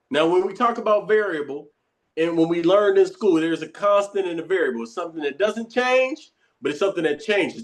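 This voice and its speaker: A man teaches from a book, reading a line and then breaking it down in plain talk. He is emphatic and conversational and repeats his points. His voice sits a bit high. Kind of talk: reading aloud and explaining a text.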